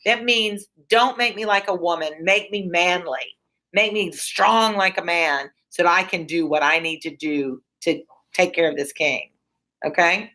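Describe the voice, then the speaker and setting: A woman tutor reading a play aloud and explaining it casually, with lively high-pitched asides. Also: measured pace. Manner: casual and animated, jumps into high excited asides.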